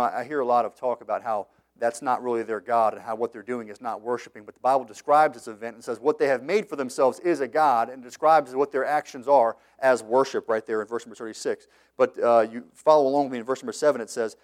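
A man preaching a sermon as a missionary pastor, reading scripture slowly and swinging between loud passionate lines and quiet ones. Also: medium pitch, fairly even intonation. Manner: reads scripture in slow measured tones.

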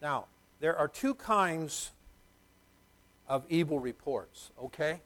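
Speaking slowly but animatedly, a middle-aged male pastor delivers an emphatic sermon in a slightly high, somewhat bright voice. He repeats key words and puts questions to the congregation, and the recording quality is low.

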